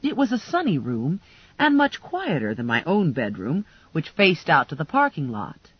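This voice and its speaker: A woman narrating an audiobook in the first person, with measured storytelling and dry humor. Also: sits low, huge pitch swings, husky, dry recording. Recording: dull lo-fi dry recording.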